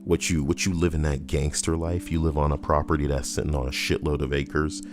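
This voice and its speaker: A man's voice: a bass voice, level tone, a little fast, noisy background. A man streaming, reading out comments with crude, profane jokes.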